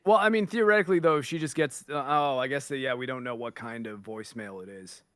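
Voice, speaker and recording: A man co-hosting a casual podcast, rambling with lots of hedging fillers and getting loud when excited. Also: medium pitch, quick pace, no room sound, studio quality. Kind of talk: casual chat.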